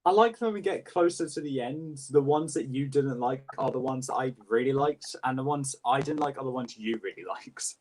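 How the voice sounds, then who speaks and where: A young man chatting casually as a co-host ranking books, halting and full of fillers. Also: medium pitch, darkish tone, a little hiss or hum. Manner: quick, halting, many fillers. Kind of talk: casual livestream chat.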